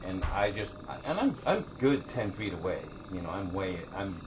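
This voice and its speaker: A man's voice: deep voice, normal speed. Swearing man telling a story, lo-fi. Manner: animated storyteller, acts out quotes, swears freely. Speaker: podcast co-host. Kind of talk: casual chat. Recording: dull lo-fi sound with faint hiss.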